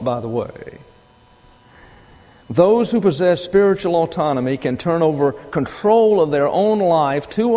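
Older preacher in a reverberant hall. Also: male voice, fairly high pitch, warm tone. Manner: deliberate, emphatic teaching with pauses and asides. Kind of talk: sermon. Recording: long reverb of a large hall.

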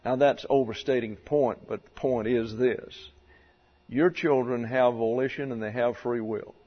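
A pastor preaching a doctrinal sermon in a church, deliberate and stressing key words as he works through numbered points. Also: medium pitch, fairly even intonation. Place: church sanctuary. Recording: dull sound with long hall reverb.

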